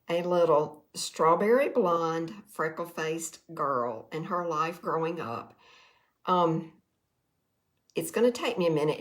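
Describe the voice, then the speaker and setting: A woman, chatting on a livestream, tired and nervous, folksy, greeting viewers by name. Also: lowish voice. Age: 60s. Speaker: direct sales livestreamer. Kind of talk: casual livestream talk to viewers. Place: quiet room.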